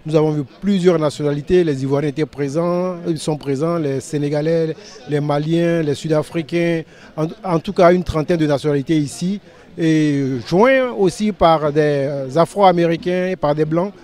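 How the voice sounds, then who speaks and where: Male community rep, mellow and a bit high, halting delivery full of pauses, interviewed outdoors. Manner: hesitant, many filler sounds. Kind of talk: spoken interview at a rally. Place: outdoor park rally.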